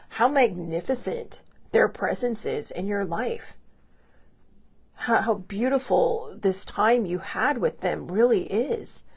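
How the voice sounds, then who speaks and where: A woman hosting her own show, talking casually and emotionally about losing a pet, halting and restarting often. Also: mid-range voice, darkish tone, breathy edge. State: tearful, grieving. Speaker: host. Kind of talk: casual personal talk.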